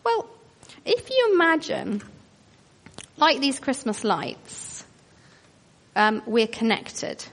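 A woman delivers a sermon in a slow, measured way, her voice sitting a little high. She asks her listeners questions and answers them earnestly, like telling a story. The sound rings with the long reverb of a large hall. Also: huge pitch swings, a bit bright. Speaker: preacher.

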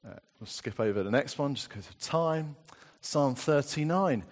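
A man preaching a sermon, reading scripture slowly and deliberately with emphatic rises. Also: medium pitch, expressive. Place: church. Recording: long church reverb.

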